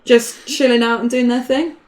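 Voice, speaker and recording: Girl commentating a card game, giggly banter, a bit high. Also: fairly even intonation, moderate pace, darkish tone.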